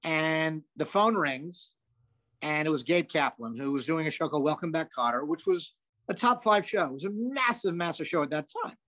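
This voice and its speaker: An older man, a comedian guest, telling animated anecdotes with lots of asides and some swearing. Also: a little high, moderate pace. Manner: animated, profane, rambling with asides. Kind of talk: anecdotal storytelling.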